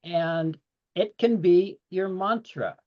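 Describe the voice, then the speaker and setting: A man's voice: high voice, slow pace. A man speaking as a guest on a panel discussion over a video call, earnest and expansive, laughing often as he talks. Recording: dull lo-fi audio.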